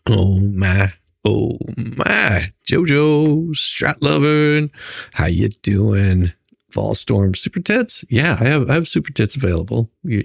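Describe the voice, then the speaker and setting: Man, livestream host, casual chat, gravelly voice, dry close sound. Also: on the low side, dry recording. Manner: chatty, greets viewers by name, laughs often. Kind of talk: casual live-stream chat.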